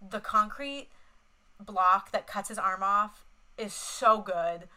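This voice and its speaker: A woman's voice: mid-range voice, slow pace, bright, forceful tone, smooth, poor audio. A young woman co-hosting a podcast, chatting casually and retelling film scenes with lots of fillers and swearing. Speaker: podcast co-host. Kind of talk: casual chat.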